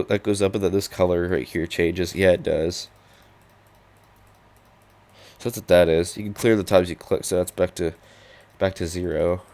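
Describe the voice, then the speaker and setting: A young man, hoarse and losing his voice, casually walking through programs he coded, with many fillers and restarts. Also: deep voice. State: losing his voice, clearing his throat. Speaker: hobby programmer showing his projects. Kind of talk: casual screen-recorded walkthrough.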